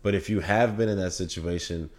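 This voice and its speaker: A man's voice: sits low, steady tone, fairly quick, darkish tone. A young man, a podcast guest, telling a personal story in an open, reflective way during a casual conversation.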